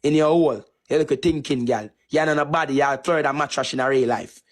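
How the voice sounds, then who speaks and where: A man's voice: on the high side, fast. Heated Jamaican man ranting. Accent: Jamaican Patois. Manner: repetitive, taunting, heated. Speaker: TikTok streamer. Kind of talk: angry insult rant on a live stream.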